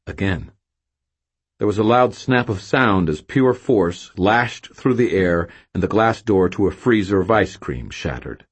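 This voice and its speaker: A man's voice: fairly low pitch, animated, measured pace, hardly any pauses, slightly rough. A man narrating a first-person novel with a wry, self-mocking storytelling manner. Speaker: audiobook narrator.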